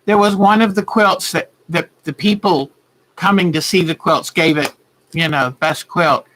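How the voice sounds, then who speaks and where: A woman's voice: fairly low pitch, normal speed, fairly bright tone, a little hiss or hum, rough recording. A woman hosting a quilting livestream, telling a story in a heartfelt, earnest way. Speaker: quilting show host.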